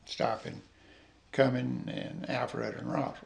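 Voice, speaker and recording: An older man with a Southern Georgia accent spins rambling, folksy stories in an oral history interview. His voice is heavily gravelly and sits at an ordinary male pitch. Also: level tone, normal speed, noisy background. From north Georgia.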